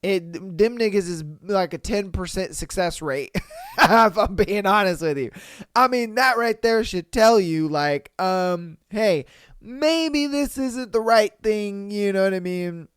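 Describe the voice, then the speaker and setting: A man hosting a podcast, reading out posts and reacting with loud, profane, animated commentary and frequent laughter. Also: high voice, measured pace, clear, resonant tone, no echo, clean studio sound. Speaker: podcast host. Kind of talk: casual solo commentary on reader posts.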